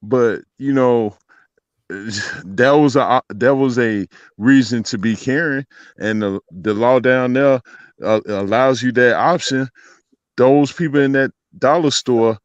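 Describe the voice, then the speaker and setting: A man's voice: medium pitch, slow, dry recording. A man in casual talk, blunt and emphatic in his points. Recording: dry, dull lo-fi sound.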